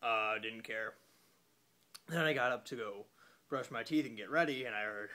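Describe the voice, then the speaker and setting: A young man tells a story into his phone after a few beers, his voice pitched in an ordinary middle register. He rambles and halts, and fills the gaps with fillers and curses. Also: normal speed, pushed and bright. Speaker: vlogger. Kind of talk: casual storytelling.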